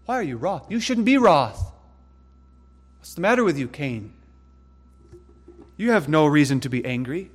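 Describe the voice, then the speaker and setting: Male preacher as God: stern, rebuking, questions pitched high and pressing. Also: lively intonation, unhurried, pauses often, slightly rough. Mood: stern rebuke.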